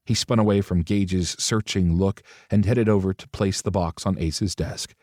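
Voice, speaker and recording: A man's voice: sits low, a little slow, a little mellow, no room sound, studio quality. A man narrating a romance audiobook, switching into different voices for the characters' dialogue.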